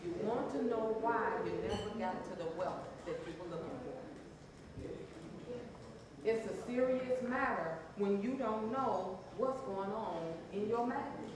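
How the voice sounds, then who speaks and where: A woman's voice: mid-range voice, lively intonation, measured pace, noisy background. A woman giving a motivational talk as a transformational coach, emphatic and calling on the audience to answer. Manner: emphatic, call-and-response with audience. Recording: very echoey room.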